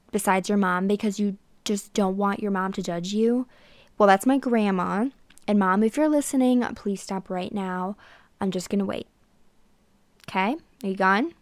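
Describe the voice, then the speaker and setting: A woman's voice: mid-range voice, no room sound. A woman in her twenties hosting a podcast, chatting casually and sarcastically and talking straight to her listeners. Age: 20s. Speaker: podcast host. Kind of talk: casual chat monologue.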